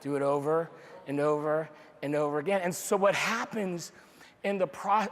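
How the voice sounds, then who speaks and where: His voice sitting high, a man delivers an energetic motivational training talk to a live audience in a large room. He uses repetition and rhetorical questions to drive his points home and acts out dialogue in quoted voices. The live event leaves a long hall reverb on the recording.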